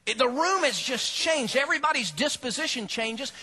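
Animated high-voiced male preacher. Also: normal speed, breathy edge. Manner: animated, humorous storytelling. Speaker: pastor. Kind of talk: sermon.

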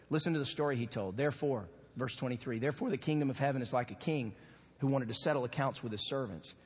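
A man pastor giving an animated, earnest sermon with asides to the congregation in a church. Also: mid-range voice, fast talker, slightly rough. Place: church sanctuary. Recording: long hall reverb.

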